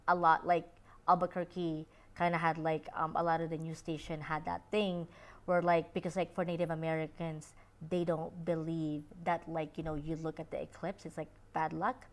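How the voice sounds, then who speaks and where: A woman's voice: low voice, little pitch movement, moderate pace. A woman from the Philippines co-hosting a podcast, chatting casually and rambling with lots of "like" and "you know". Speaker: podcast co-host. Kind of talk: casual chat.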